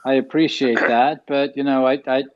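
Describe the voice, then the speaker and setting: A man's voice: mid-range voice, steady tone, normal speed. A man on a casual group call, joking and teasing, often repeating his words as he starts. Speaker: guest expert. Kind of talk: casual chat. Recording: dull lo-fi audio.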